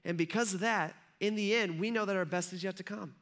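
A man's voice: high voice, a little fast, a bit bright. A man preaching a sermon, retelling a scripture story in a conversational way with rhetorical asides to the listeners. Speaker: pastor.

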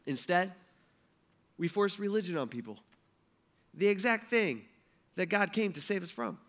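Male pastor, fairly high bright voice, chatty anecdotal sermon delivery. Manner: storytelling, conversational and animated.

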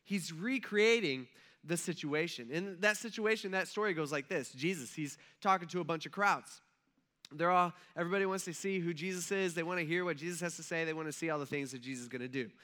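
Male pastor, casual storytelling sermon to a congregation, slightly high, bright and forceful tone. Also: fairly quick. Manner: casual, animated storytelling with acted-out asides.

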